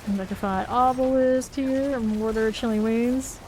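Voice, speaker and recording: A woman's voice: a little high, fairly even intonation, normal speed, a little mellow, slight background noise. A woman casually commenting while streaming a video game, chatting with viewers and laughing often. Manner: chatty, reads chat aloud, laughs often.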